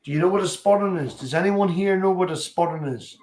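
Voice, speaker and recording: A man's voice: sits high, quick pace, echoey room, noisy background. A man with a Northern Irish accent, teasing and joking crudely in casual group banter. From Northern Ireland.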